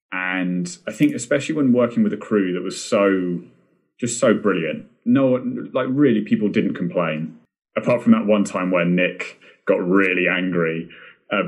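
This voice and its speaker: A young man talks in a relaxed, meandering way. He often restarts his sentences and laughs at himself, and his voice sits a little on the low side. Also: unhurried. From Britain. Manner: rambling, self-deprecating, many fillers and restarts. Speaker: film director and podcast guest. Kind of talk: casual podcast chat.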